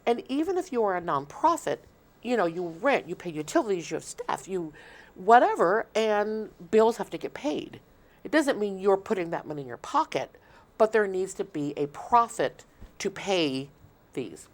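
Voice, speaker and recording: A woman's voice: mid-range voice, sing-song, normal speed. A woman, a shelter guest on an interview show, explaining earnestly at length with frequent restarts. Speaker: shelter marketing manager, guest. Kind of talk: casual interview talk.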